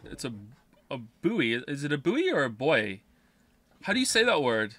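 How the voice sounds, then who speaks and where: A man's voice: a little high, very animated, normal speed, long pauses, fairly bright tone. A man streaming a game, muttering, reading text aloud and venting in exasperation. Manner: exasperated, swearing, muttering to himself. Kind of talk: live gameplay commentary.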